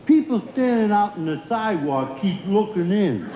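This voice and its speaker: A man's voice: high-pitched, big pitch swings, moderate pace, echoey room, heavy background noise. A man in a comedy sketch telling rambling stories and breaking into giggles, recorded on old TV audio with audience laughter. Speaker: comic sidekick character.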